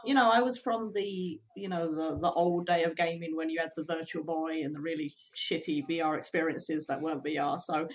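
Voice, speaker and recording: A woman with a lowish voice chats as a guest on a gaming podcast. She talks casually about her experiences. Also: steady tone, fairly quick, hardly any pauses, poor audio.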